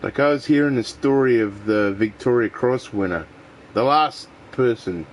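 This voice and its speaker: A man's voice: mid-range voice, normal speed, slight background noise. A man from Australia with an Australian accent, ranting profanely and opinionated while playing a game. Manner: profane, opinionated, mocking voices in quotes. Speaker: gaming streamer. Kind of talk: rambling casual rant while gaming.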